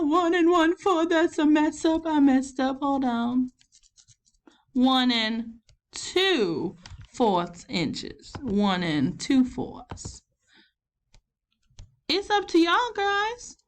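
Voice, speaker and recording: High-voiced folksy southern granny filling in as teacher, played by a woman, encouraging, walks kids through each step. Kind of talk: recorded math lesson.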